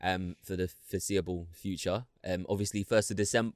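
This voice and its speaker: A man's voice: sits low, steady tone, a little fast, dry recording, studio quality. Joking young man on a video call. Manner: joking, lots of slang and restarts. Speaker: podcast co-host. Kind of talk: casual chat.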